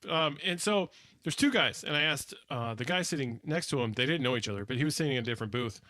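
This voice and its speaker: A man's voice: mid-range voice, lively intonation, fast, sharp tone, no room sound. A man co-hosting a podcast in loose, profane casual chat, laughing often. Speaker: podcast co-host.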